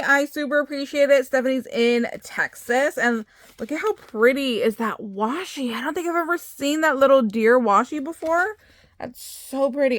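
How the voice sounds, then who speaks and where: A woman's voice: sits high, moderate pace, no echo. Chatty woman with a dry close sound. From United States. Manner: gushing, excitable, many exclamations. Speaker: crafting vlogger opening happy mail. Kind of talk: casual chat.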